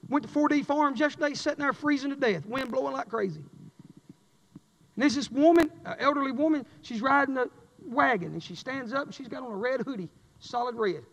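A high-pitched preacher with a gravelly, fry-edged voice, delivering an impassioned sermon. He drops low and soft, then surges loud and emphatic. His words ring with the long reverb of a big church hall. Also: quick pace. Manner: emphatic Southern preaching, swings from quiet to loud. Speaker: pastor. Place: church sanctuary.

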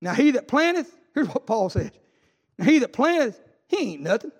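A preacher with a strikingly high voice delivers an impassioned sermon, his pitch leaping up and down as he builds to fervent calls. His words ring out in the long reverb of a church hall. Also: big pitch swings, a little fast, breathy edge. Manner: impassioned, rising to fervent exclamations. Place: church sanctuary.

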